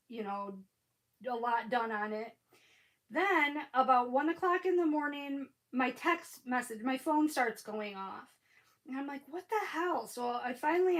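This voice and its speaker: Chatty high-voiced middle-aged woman. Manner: chatty, rambling storyteller with casual swearing. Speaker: crafting livestream host. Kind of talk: casual livestream chat.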